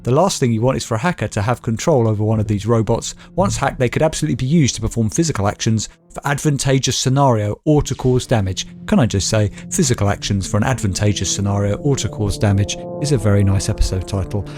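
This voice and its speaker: A man's voice: lowish voice, fast talker, hardly any pauses, darkish tone, faint music behind. A British man co-hosting a podcast, chatting casually and reading news stories aloud with jokey, mock-dramatic flourishes. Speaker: podcast co-host.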